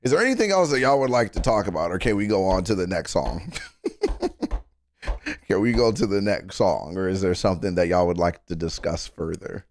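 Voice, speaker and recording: A man's voice: deep voice, animated, fast talker. A man hosting a music reaction live stream, talking earnestly to his chat, rambling with stammered restarts and casual swearing.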